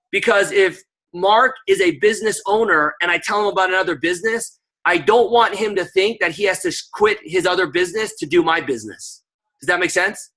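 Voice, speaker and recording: Bright-voiced man coaching a sales team. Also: high voice. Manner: energetic, emphatic coaching with frequent fillers and asides. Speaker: network marketing trainer. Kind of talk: online sales training session.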